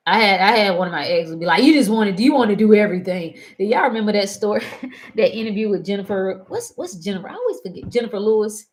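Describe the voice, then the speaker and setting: A woman hosting a casual talk show, animated and prone to laughing and wandering into stories. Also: medium pitch, fast talker. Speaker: host. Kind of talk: casual chat.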